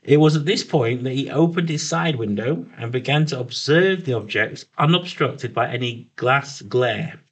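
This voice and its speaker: A man's voice: mid-range voice, moderate pace, few pauses. A man co-hosting a casual chat, reading out an account with frequent stumbles and self-corrections. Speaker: podcast co-host reading the story. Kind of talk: casual banter, reading out notes.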